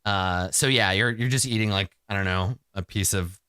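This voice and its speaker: A man's voice: on the low side, moderate pace, sharp tone, clean tone, dry recording, studio quality. A man narrating as game master, rambling with fillers and restarts.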